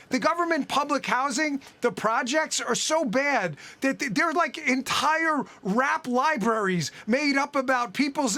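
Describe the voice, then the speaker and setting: Bright, high-pitched animated male commentator. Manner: animated, sarcastic, emphatic. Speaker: guest commentator. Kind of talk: political TV interview.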